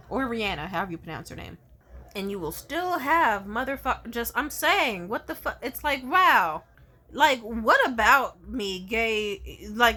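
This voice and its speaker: A woman's voice: mid-range voice, fairly bright tone. Young woman venting on her vlog, swearing nonstop, fed up, regular mid-range voice. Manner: profane, exasperated ranting. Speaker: content creator. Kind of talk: casual ranting vlog.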